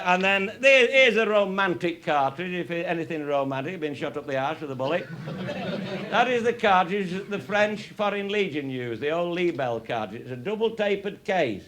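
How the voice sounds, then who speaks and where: A man's voice: high voice, animated, moderate pace, a bit bright. An older man from England telling crude, humorous hunting and shooting stories to a live audience, laughing often as he goes. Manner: salty, laughing, showing cartridges. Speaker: raconteur. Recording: noisy live recording.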